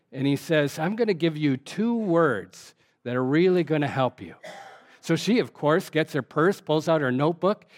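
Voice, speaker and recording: An older man as a pastor giving a relaxed, conversational sermon, reading scripture and explaining it with frequent fillers. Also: fairly high pitch.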